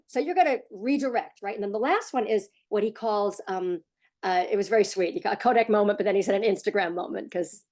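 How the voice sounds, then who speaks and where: Mom coach lady in her 40s just chatting to the camera, animated, voice jumps way up when she acts stuff out. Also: medium pitch, fast talker. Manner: chatty, animated, laughs, acts out quotes with a raised voice. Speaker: parenting coach. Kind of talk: casual talk to camera.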